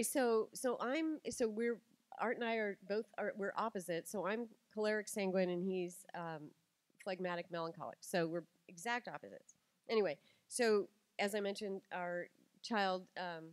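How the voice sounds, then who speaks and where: A middle-aged woman giving a lively talk to an audience, telling stories and acting out quotes with animation. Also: medium pitch, no echo. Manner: animated storytelling, acts out quotes.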